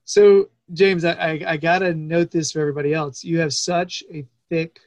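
A man's voice: a little high, steady tone, normal speed, no room sound, rough recording. A man hosting a podcast, enthusiastic and stammering through restarts as he chats. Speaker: podcast host. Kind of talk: casual interview chat.

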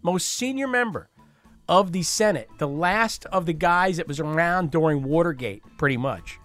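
A man's voice: on the high side, lively intonation, normal speed, a bit bright, soft background music. A man hosting a podcast in casual chat, jokey and chatty, with many fillers and restarts. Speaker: podcast host.

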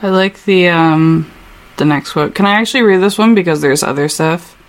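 A woman co-hosting a casual book-club podcast, animated and playful. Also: fairly low pitch, normal speed. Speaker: podcast co-host.

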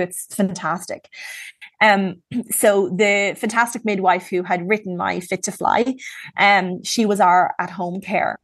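A woman's voice: on the low side, dry recording. A woman from Ireland, speaking as a guest and frankly telling her own story in casual conversation, with plenty of ums and likes.

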